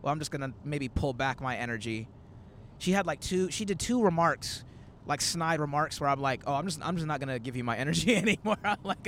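A man's voice: on the high side, animated, brisk, fairly bright tone, slight background noise. A man in his twenties, a comedian hosting a casual road-trip chat, telling rambling stories full of quoted asides. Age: 20s. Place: in a moving car.

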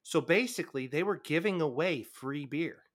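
A man's voice: a little high, animated, normal speed. A young man co-hosting a casual sports podcast, rambling and laid-back, with lots of fillers. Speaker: podcast co-host.

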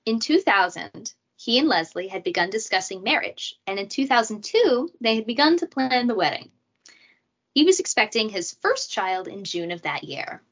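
A woman's voice: medium pitch, sing-song, moderate pace, fairly bright tone. A woman hosting a casual true crime podcast, chatty and jokey, with asides. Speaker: podcast host. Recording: dull lo-fi audio.

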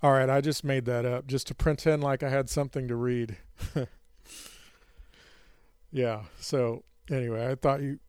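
A male podcast host with a mid-range, mellow, clear and resonant voice speaks at a moderate pace with fairly even intonation. The studio-quality audio has no echo. He chats casually, full of fillers and self-mocking jokes, before leading a Bible study.

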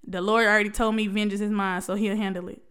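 A young woman speaks straight to her viewers in a candid personal talk. Her voice sits at an ordinary middle pitch and sounds smooth and clear. She testifies with feeling, laughs often and stumbles into restarts. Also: flat delivery, quick pace, a bit bright. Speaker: vlogger sharing a personal story.

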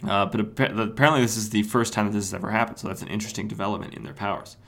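Rambling lowish-voiced male podcast host. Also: fairly even intonation, racing, vocal fry, a bit bright. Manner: rambling, frequent "uh" fillers and self-corrections. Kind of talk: casual solo podcast recap.

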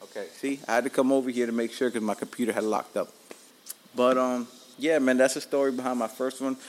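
A man with a mid-range voice hosts his own podcast from home, talking a little fast. He tells stories casually and animatedly, swears plenty, and laughs at himself.

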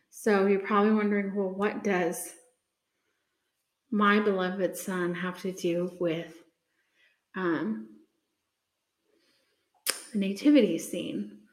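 Slow, earnest woman in an echoey room. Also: medium pitch, darkish tone. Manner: unhurried, earnest, many ums and pauses. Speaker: speaker sharing a faith reflection. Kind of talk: casual devotional talk with scripture reading.

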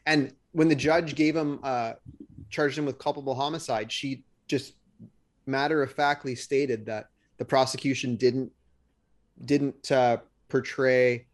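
A man's voice: mid-range voice, steady tone, a little slow. A man in casual chat, rambling with restarts as he retells events. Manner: rambling, restarts, retells trial scenes with quoted lines.

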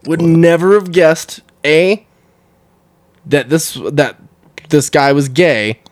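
A podcast co-host in a casual comedic chat, teasing and swearing while cracking quick jokes. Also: medium pitch, dry recording.

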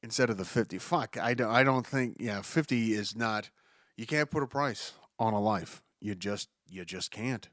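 A man's voice: fairly low pitch, moderate pace, a bit bright, dry recording, clean studio sound. A man hosting a solo podcast, reading news and ranting about it in a profane, exasperated way, often restarting his sentences. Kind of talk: casual news commentary.

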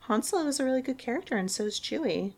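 A woman's voice: sits high, lively intonation, very fast, a little mellow. A young woman co-hosting a podcast in casual chat, laughing often. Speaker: podcast co-host.

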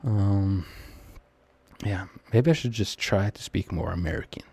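A man's voice: low-pitched, unhurried, gravelly, mellow, slightly rough. A young man with a Norwegian accent giving casual, rambling, self-mocking commentary while he plays a shooter. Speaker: gamer commenting on his match.

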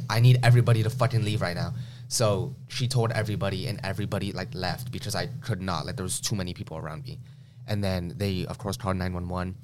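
Low-voiced young man telling a story. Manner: loose and slangy, heavy use of "like". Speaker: podcast co-host telling a story. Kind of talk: casual storytelling chat. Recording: noisy room recording.

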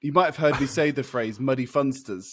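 A man's voice: medium pitch, brisk, a bit bright, slightly rough, no room sound, studio quality. A man co-hosting a podcast, chatting playfully and laughing often. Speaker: podcast co-host. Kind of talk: casual chat.

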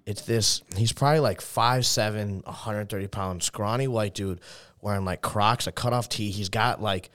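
A man's voice: on the low side, fairly even intonation, a bit bright. A young man with a Texan accent telling a rambling story in casual chat, full of fillers and swearing. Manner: fast rambling anecdote full of fillers and profanity.

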